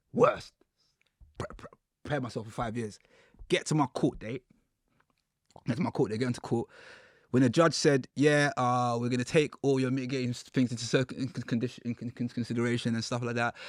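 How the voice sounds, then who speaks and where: A man, a podcast guest telling his story in a casual, animated way. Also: medium pitch, dry recording, clean studio sound. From United Kingdom. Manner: animated storyteller, acts out quotes with slang.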